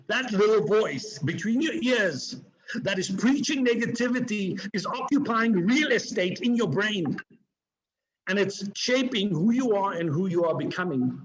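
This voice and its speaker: A man giving an energetic, preachy motivational talk to a live online audience, swinging his pitch and pace for emphasis. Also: measured pace, dull audio. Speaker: motivational speaker. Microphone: video call.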